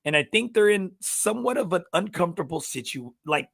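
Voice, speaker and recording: A man hosting a golf podcast, telling stories in casual chat, swearing freely and bursting into shouts. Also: high voice, animated, a little fast, vocal fry, dry recording, clean studio sound. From South Texas. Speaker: podcast host. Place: podcast studio.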